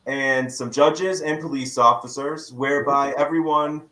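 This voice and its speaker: A man talks through a lawsuit in a measured, explanatory way, like an attorney on a podcast panel. His voice is bright and forward. The room around him is echoey. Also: medium pitch, steady tone.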